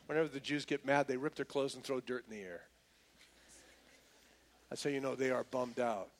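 A man's voice: medium pitch, moderate pace, pauses often. A man preaching a sermon, retelling a story casually with slang and repeated restarts. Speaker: pastor.

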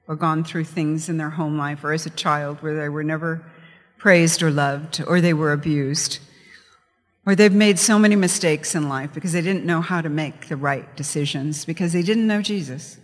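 Brief: male pastor, bit high-voiced, lively storyteller, long room reverb. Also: normal speed. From California. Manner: chatty, storytelling, animated. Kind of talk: sermon with a joke opener.

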